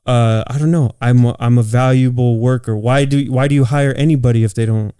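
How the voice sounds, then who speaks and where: A man's voice: medium pitch, steady tone, fairly quick, mellow, clear, resonant tone, no echo, clean studio sound. A man from California, co-hosting a podcast and telling work stories in a loose, profane way with lots of "like" fillers. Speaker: podcast co-host. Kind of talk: casual chat.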